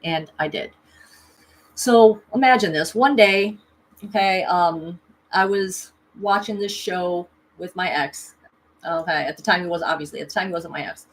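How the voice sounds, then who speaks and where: A woman's voice: lowish voice, normal speed. A woman hosting a spiritual livestream, telling a personal story in a chatty, profane way, checking in with "okay" and "right" as she talks into a camera at home. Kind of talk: casual storytelling monologue.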